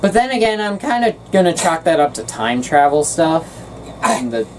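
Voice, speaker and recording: A woman hosting a casual film review, talking in an animated, ranting way and quick to get loud. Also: sits low, far from the mic, a little hiss or hum, low-quality recording.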